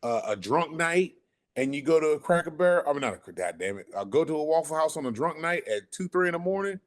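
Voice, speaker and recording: Animated, profane man telling a story. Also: on the high side, fast talker. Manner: animated, profane, acts out quotes. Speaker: podcast guest. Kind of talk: casual storytelling.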